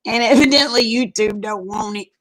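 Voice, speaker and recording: A woman's voice: a little high, moderate pace, a bit bright, low-quality recording. A woman chatting casually on a live stream, folksy and drawling, greeting viewers by name.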